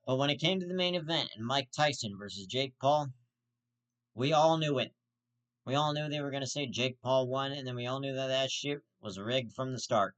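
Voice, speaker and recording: A man hosting a commentary vlog speaks at normal speed in a mid-range, slightly bright voice. His heated rant is thick with swearing and repeated restarts.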